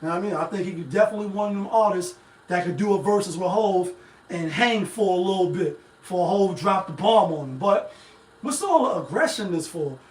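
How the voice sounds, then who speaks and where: A man's voice: high-pitched, lively intonation, a little fast. A man hosting a live-stream talk show, rambling in casual, profane commentary straight to his viewers. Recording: echoey room, mic at a distance.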